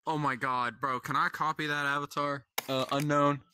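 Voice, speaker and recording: Excitable young man, bright high voice. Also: moderate pace, a little hiss or hum. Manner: excitable, swearing. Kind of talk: casual VR game chat.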